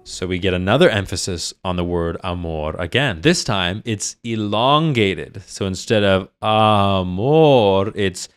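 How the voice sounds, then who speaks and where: A man's voice: deep voice, animated, a bit bright. A man in his thirties, a singer, explaining a choral piece in casual commentary and sometimes singing short phrases to show a point. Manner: enthusiastic, explains slowly and sings short phrases to demonstrate. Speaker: singer reacting to a choral performance.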